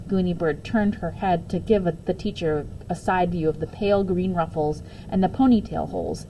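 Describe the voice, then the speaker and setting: A woman reading a children's chapter book aloud in an expressive, animated way, as a teacher. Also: fairly low pitch, normal speed, few pauses, dull audio, a little hiss or hum. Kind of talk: storybook read-aloud.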